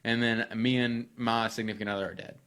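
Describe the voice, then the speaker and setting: A man from the United States on a podcast, telling stories in an animated, profane way and acting out what people said. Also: mid-range voice, fast talker, clear, resonant tone. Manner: animated, profane, acts out quoted exchanges. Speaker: podcast co-host. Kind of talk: casual podcast storytelling.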